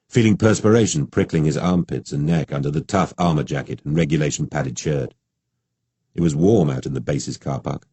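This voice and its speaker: A man narrating an audiobook at a measured, even pace. His voice is very deep with a husky grain. The recording is close and dry. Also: no room sound. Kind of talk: scripted narration.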